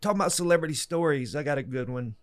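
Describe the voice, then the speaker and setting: A man's voice: a little high, racing. A man from the States, telling anecdotes in a casual podcast chat and acting out the people in them. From Southern United States. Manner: lively storyteller who acts out the people in his anecdotes. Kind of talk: casual bar-talk storytelling.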